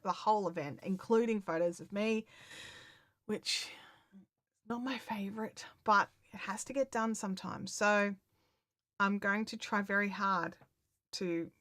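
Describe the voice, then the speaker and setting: A woman chatting casually to her viewers on a live stream, excitable and full of fillers and restarts. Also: medium pitch, no echo, clean studio sound. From Australia.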